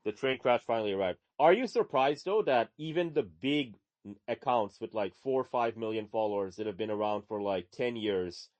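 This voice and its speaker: A man co-hosting a casual live audio chat, ranting in a profane, animated way. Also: lowish voice, normal speed, no echo, lo-fi sound. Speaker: podcast co-host.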